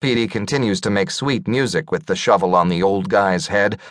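A man's voice: on the low side, steady tone, normal speed, dry recording, studio quality. A man narrating a comic audiobook in a playful, storytelling manner.

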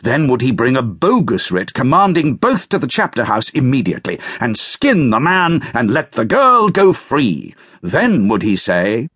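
A man with a British accent reading a verse tale aloud in a measured, theatrical way, with a husky voice. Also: dry recording, studio quality. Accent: British English. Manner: measured, theatrical reading with lively swings of pitch. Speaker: audiobook narrator. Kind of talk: scripted narration of a verse tale.

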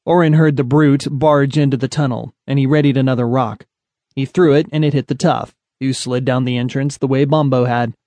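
A man reads an adventure audiobook in a steady, measured storytelling manner. His voice sits in an ordinary middle register, and the recording is dry and close to the mic. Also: medium pitch, dry recording. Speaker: audiobook narrator. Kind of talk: scripted audiobook narration.

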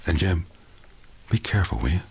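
A man voicing a gruff, businesslike man who asks quick, brisk questions on the phone. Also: low-pitched, very animated, full character voice. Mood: brisk, concerned.

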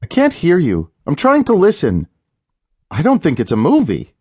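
A fretful young woman gets swept up in frightening news on the screen, put on by a man reading an audiobook. Her voice climbs high and strains with worry. The read is close and dry. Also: huge pitch swings, normal speed, a little mellow, slightly rough, no room sound, full character voice. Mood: impatient. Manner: pitched up, rising alarm.

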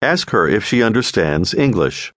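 A man narrating a scripted audio language lesson, giving prompts in a clear, measured way. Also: on the low side, sing-song, fairly bright tone, no room sound, studio quality. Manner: clear, measured instructional delivery.

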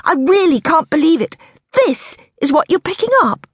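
A woman voicing an excitable, wide-eyed young woman who speaks eagerly and breathlessly. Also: extremely high pitch, moderate pace, no room sound, studio quality, voice pushed up, heavily acted. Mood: thrilled.

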